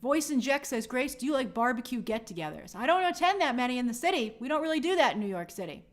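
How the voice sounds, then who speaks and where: Speaking at a quick clip in a high-pitched, very animated voice, she reads viewers' comments aloud on her live stream from home in New York. She gives out friendly shout-outs, chatting away and apologizing along the way.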